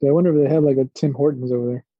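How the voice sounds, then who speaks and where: A man's voice: mid-range voice, fairly even intonation, racing, breathy edge, no echo. A man co-hosting a casual sports podcast, easygoing and rambling as he talks. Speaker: podcast co-host. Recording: dull lo-fi mic.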